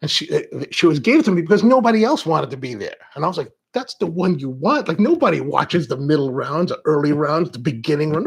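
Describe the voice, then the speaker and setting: Gravelly man telling animated stories. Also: a little high. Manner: animated storytelling, acts out quoted exchanges. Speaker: coffee show host. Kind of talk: live-stream chat with viewers.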